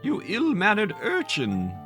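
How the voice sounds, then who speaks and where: A man's voice: high voice, huge pitch swings, measured pace, pushed and bright, soft background music, voice pushed up, full character voice. A man voicing a haughty, sneering evil chancellor in a put-on Irish accent. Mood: scornful. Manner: haughty, scornful.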